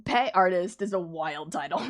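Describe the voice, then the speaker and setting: A woman artist chatting casually on a live stream while drawing, animated and laughing often. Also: on the low side, unhurried.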